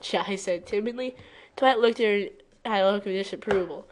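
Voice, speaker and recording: A woman's voice: medium pitch, brisk. A woman reading a fan fiction aloud, breaking off often for exasperated, sarcastic asides. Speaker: story reader.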